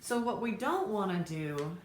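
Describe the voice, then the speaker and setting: A woman's voice: mid-range voice, sing-song, measured pace. Chatty woman teaching fiddle in an echoey room. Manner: encouraging, chatty, counts beats and bowings aloud. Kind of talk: casual instructional talk to students. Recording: echoey room, faint background noise.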